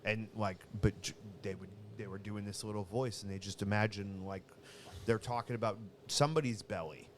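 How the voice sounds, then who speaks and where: A man's voice: on the low side, moderate pace, a little hiss or hum. A man co-hosting a podcast, telling rambling stories in casual chat. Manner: rambling storyteller, acts out quoted voices. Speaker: podcast co-host.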